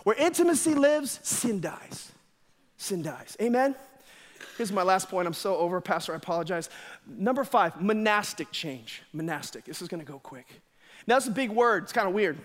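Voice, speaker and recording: Energetic male preacher with a high voice, playful storyteller, church hall reverb. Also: moderate pace. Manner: energetic, animated storytelling with acted quotes. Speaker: pastor. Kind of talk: sermon. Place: church sanctuary.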